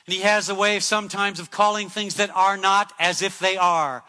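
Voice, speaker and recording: A man preaches a sermon in a high, very bright voice, hammering home repeated phrases. The sound carries a long hall reverb, as if from a church sanctuary. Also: fairly even intonation, normal speed.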